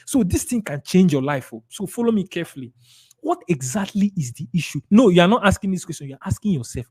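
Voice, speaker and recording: A man's voice: sits high, sing-song, fast, darkish tone, breathy edge. A man with a Nigerian accent giving a live sales training talk, emphatic and repetitive, acting out conversations with clients. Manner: emphatic, repeats key words, acts out client dialogues.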